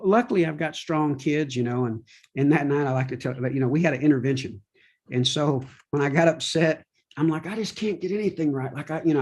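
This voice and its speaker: A middle-aged man with a mellow, fairly high voice speaks candidly as a podcast guest. He rambles through the conversational interview, often asking "you know what I mean."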